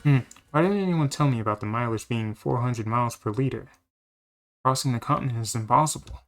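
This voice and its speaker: A man's voice: mid-range voice, brisk, soft background music, natural voice. A man voicing a lazy carefree cowboy. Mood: easygoing. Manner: laid-back, easygoing. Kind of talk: fan dub of a game.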